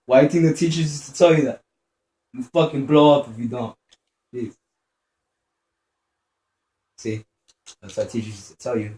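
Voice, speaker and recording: A man's voice: mid-range voice, normal speed, pauses often, warm tone. A young man commenting on his gameplay as he plays, swearing a lot, tensing up and muttering to himself. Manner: profane, jumpy, mutters to himself. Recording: echoey room, faint background noise.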